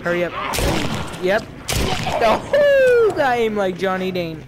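A man commenting on his own gameplay, excitable and quick to yelp and laugh at scares. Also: high-pitched. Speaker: gamer. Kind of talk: let's play commentary. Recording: game sounds and noise behind.

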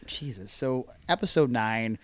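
A man's voice: medium pitch, animated, measured pace, a bit bright, no echo. Dry, teasing podcast host man. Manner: teasing, mock-outraged. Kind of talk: casual chat.

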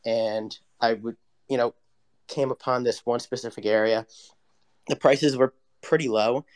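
A man's voice: mid-range voice, steady tone, measured pace. A man in his twenties speaking as a panel guest in a casual online audio chat, loose and hesitant with many fillers. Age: 20s.

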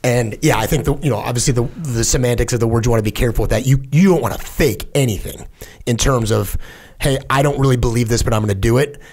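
Male co-host, quick talker, casual and thoughtful. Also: mid-range voice, darkish tone. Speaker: podcast co-host. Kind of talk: casual chat.

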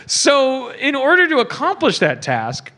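A middle-aged man with a very high voice tears into a movie on a podcast. His bright, lively delivery swings up and down as he swears and mimics characters. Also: measured pace. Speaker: podcast guest comedian. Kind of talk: comedic movie rant.

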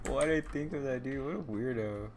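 Man, livestream chat, slow drawl, rambling, joking with viewers, faint music behind. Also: medium pitch. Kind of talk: casual live-stream chat.

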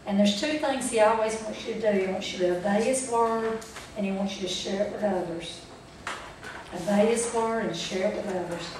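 A woman's voice: medium pitch, moderate pace, background noise. A woman leads a church Bible lesson, speaking folksy and plain and often asking the room if they follow. Her voice sits in the middle of the range. It comes from a distance in a very echoey room, with faint room ambience behind. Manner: folksy, asks the group questions. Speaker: Bible study teacher. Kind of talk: church training talk.

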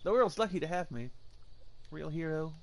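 A man's voice: a little high, expressive, moderate pace. Joking, rambling male streamer. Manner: joking, rambling, self-mocking boasts. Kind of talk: live game stream role-play.

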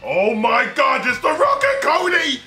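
A young man hosting a wrestling reaction, talking casually and shouting with delight. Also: very high voice, huge pitch swings, measured pace, over music. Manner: exclamatory, fan-like, shouts in delight. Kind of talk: excited reaction commentary.

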